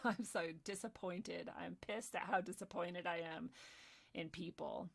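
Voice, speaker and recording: A woman's voice: lowish voice, steady tone, normal speed, creaky. Heated, foul-mouthed woman ranting. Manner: profane, heated, swings between ranting and soft asides. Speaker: video commentator. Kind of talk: angry personal commentary.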